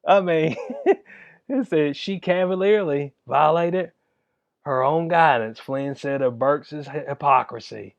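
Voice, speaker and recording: A man with a fairly high voice delivers heated political commentary on his channel. He talks in a loose, slangy way and hammers his points home with blunt, emphatic outbursts. The sound is close and dry, with no room echo. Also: slow pace, vocal fry. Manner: emphatic, informal, slangy, laughs often. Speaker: channel host.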